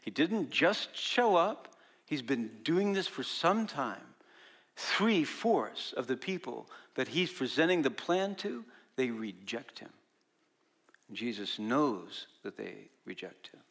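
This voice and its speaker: A man's voice: mid-range voice, lively intonation, slow, fairly bright tone. A man preaching a sermon as a pastor, talking conversationally and quizzing his congregation. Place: church service.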